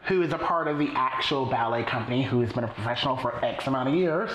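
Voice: medium pitch, quick pace, fairly bright tone, echoey room, a little hiss or hum, poor audio. A person in casual chat recapping a film, blunt and incredulous, swearing freely.

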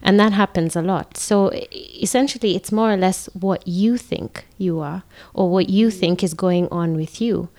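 Brief: female sex therapist, lowish voice, calm and explanatory, podcast guest. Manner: measured, explanatory, many fillers. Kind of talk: podcast conversation.

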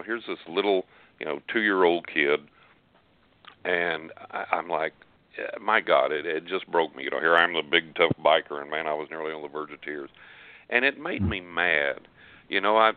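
A man's voice: low-pitched, no echo. An older man telling a story as a guest on a call-in radio show, earnest and rambling, with frequent restarts. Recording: tinny phone line.

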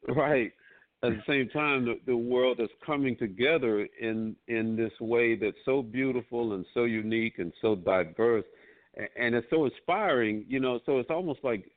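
A male musician guest telling stories in an interview, animated, peppering his talk with "man" and "you know.". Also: mid-range voice, normal speed. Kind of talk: storytelling interview. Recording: tinny phone-like line.

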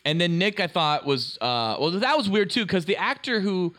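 A man co-hosting a casual podcast, excitable and rambling, swearing often. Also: high-pitched, normal speed. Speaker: podcast co-host.

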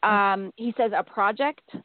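A woman's voice: medium pitch, measured pace, no room sound. A woman giving a psychic reading on a call-in radio show, hesitantly relaying messages she says she receives. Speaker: psychic medium. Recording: dry tinny phone line.

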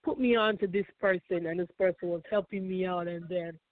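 A woman's voice: fairly low pitch, fairly even intonation, fairly quick, no room sound. A woman guest telling her personal story in an interview, emotional and repetitive. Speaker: guest author. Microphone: phone call. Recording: tinny dry phone line.

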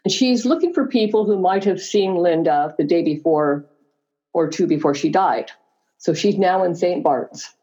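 A woman's voice: fairly low pitch, normal speed, mellow. A woman author reading her own novel aloud, adding casual, chatty asides between passages. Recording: dull lo-fi recording.

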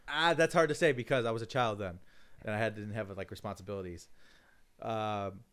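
A man co-hosting a casual podcast about fighting games, talking in a relaxed, hesitant way. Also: fairly low pitch, fairly quick, clear, resonant tone. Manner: relaxed, hesitant, many fillers and restarts. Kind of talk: casual gaming chat.

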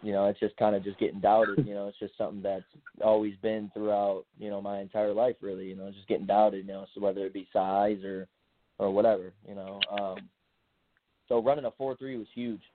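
A man's voice: fairly low pitch, flat delivery, a little fast. A young man, a college football player, answering interview questions in a laid-back way with many fillers. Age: young adult. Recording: dry tinny phone line.

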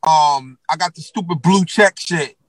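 A man's voice: fairly high pitch, a little slow, fairly bright tone, dry recording, low-quality recording. A man from New York telling stories as a guest rapper in a casual interview, slangy and profane with many fillers.

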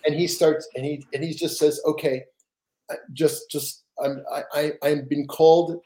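A man's voice: a little high, steady tone, normal speed, mellow. An older man, a guest author, telling stories in a rambling, casual way with repeated words and laughs. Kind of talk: casual storytelling.

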